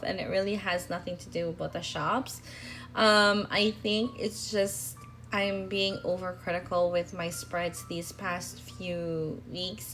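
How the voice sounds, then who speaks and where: A woman's voice: medium pitch, a bit bright. A young woman talking casually in a voice-over about her planner spreads, rambling with fillers and restarts. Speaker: planner vlogger.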